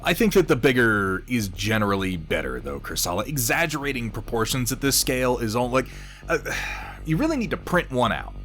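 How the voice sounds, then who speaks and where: A man's voice: mid-range voice, big pitch swings, a little fast, a bit bright, soft background music. A man chatting casually on a live stream while painting miniatures, rambling, reading viewers' messages aloud and swearing offhandedly.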